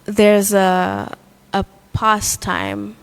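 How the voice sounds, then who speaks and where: A woman teaching a devotional scripture class, telling a story in a lively way with many fillers. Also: medium pitch, extremely slow, vocal fry, clean tone. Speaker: class speaker.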